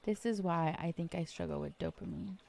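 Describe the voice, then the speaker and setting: A woman's voice: lowish voice, a little fast, creaky, a little mellow, a little hiss or hum. A young woman hosting her own podcast, chatting casually and rambling in a self-deprecating way, with lots of fillers. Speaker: podcast host. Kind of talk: casual solo podcast chat.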